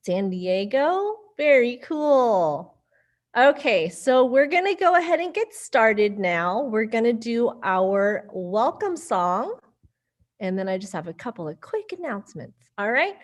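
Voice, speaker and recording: A woman's voice: on the high side, big pitch swings, slow pace. A woman hosting a virtual children's storytime as a librarian, upbeat and sing-song, speaking to little kids and their caregivers over a computer mic.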